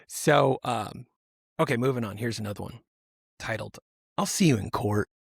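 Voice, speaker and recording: A man's voice: medium pitch, moderate pace, creaky, husky, no echo, studio quality. A man hosting a casual podcast, reading news stories aloud in a rambling, self-interrupting way. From United States. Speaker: podcast host.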